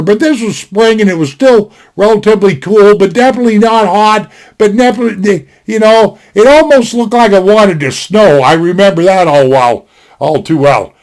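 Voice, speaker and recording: A man telling a rambling, folksy story from his younger days in a casual, conversational way, with many restarts and asides, recorded at a desktop. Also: high-pitched.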